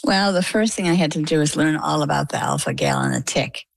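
A middle-aged woman from Maine, USA, guests on an interview and tells her story in a lively, conversational way, acting out the quoted dialogue. Her voice sits low and is creaky and fairly quick, with no echo but poor audio.

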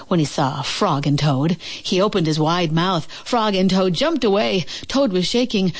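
A woman reading a children's storybook aloud in a gentle, expressive way. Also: fairly low pitch, unhurried, few pauses. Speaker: narrator.

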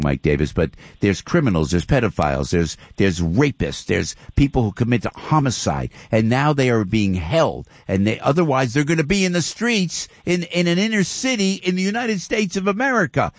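A man's voice: on the high side, no room sound, studio quality. A middle-aged man from New Jersey hosting a talk radio show, heated and repetitive, with stammering restarts. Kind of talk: fired-up talk radio interview.

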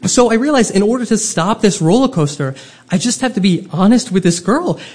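A man telling a personal story live on stage, with comic, self-deprecating and animated delivery. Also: high-pitched, brisk.

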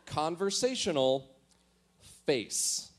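A man's voice: fairly high pitch, sing-song, drawn-out words, a little hiss or hum. Self-mocking man reading his old diary. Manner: self-mocking, laughs at his own writing. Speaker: storyteller.

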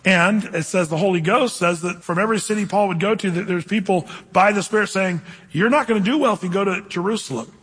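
A man gives a sermon in a relaxed, storytelling way, slowing down when he reads scripture. His voice sits high and has a husky edge. Long reverb from the hall trails behind him. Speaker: pastor.

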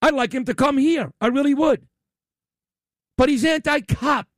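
Combative male talk radio host, high and animated, loud sarcastic rant, dry studio mic. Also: moderate pace, no echo.

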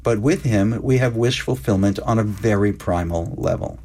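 An older man speaks as a guest in a relaxed interview. His storytelling is wry, and he draws out his words at a measured pace. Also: on the low side, breathy edge. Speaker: screenwriter guest. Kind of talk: interview chat.

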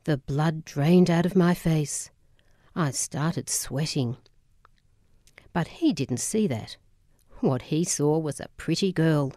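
A woman narrating a memoir audiobook in a measured, solemn way. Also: sits low, dark tone, no echo, studio quality.

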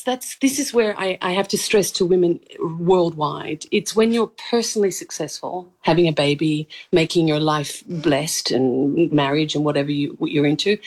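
A woman's voice: on the low side, darkish tone. A woman in her thirties with a mild Australian accent, an actress talking eagerly in an interview and laughing often. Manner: bubbly, laughs often, gushing. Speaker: actress guest. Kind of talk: animated interview chat.

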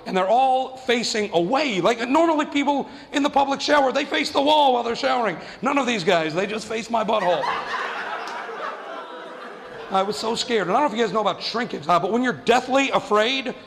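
A man doing stand-up, telling a story in an animated way and jumping into quoted voices. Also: high voice, long reverb tail. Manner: animated, acts out quoted voices with big jumps. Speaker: stand-up comedian.

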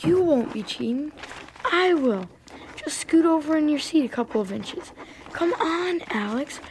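A woman's voice: sits high, expressive, normal speed, slight background noise. A woman voicing a pushy, easygoing schoolboy in a children's radio drama. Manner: pushy, wheedling.

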